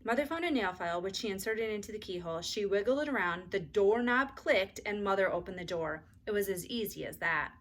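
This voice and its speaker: A woman's voice: medium pitch, lively intonation, brisk, few pauses. Woman reading a children's chapter book. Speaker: teacher reading aloud. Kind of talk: storybook read-aloud.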